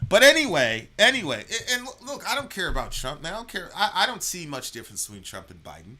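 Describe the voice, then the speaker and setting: A man's voice: sits high, fast talker, soft background music. A man delivering a heated political rant, swearing freely and stumbling over restarts and fillers. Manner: animated, profane, many fillers and restarts.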